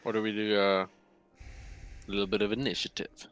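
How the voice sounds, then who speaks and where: Low-voiced wisecracking man playing a tabletop game. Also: flat delivery, moderate pace, a bit bright, smooth. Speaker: player. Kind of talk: casual game chat.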